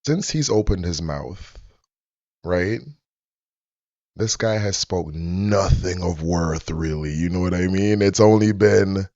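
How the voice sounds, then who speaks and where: A man hosting a reaction video, giving casual, measured commentary on a clip he pauses. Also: deep voice, a little mellow, dry recording, highs cut off.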